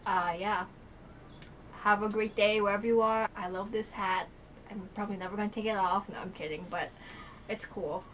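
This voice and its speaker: A young woman talks to her camera in an excited unboxing vlog, gushing and breathless, with lots of filler words. Her voice sits at an ordinary middle pitch. A faint hiss of room noise lies behind her home recording. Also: normal speed, rough recording. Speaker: YouTuber.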